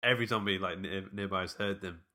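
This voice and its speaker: A man's voice: low voice, fast talker, bright, forceful tone. A man hosting a podcast, leading a casual film recap and narrating scenes step by step. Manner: leads the talk, narrates scenes step by step with fillers. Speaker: podcast host.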